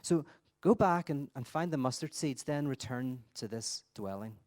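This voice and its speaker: A man voicing a gentle old holy man. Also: mid-range voice, lively intonation, moderate pace, lightly acted. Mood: kind.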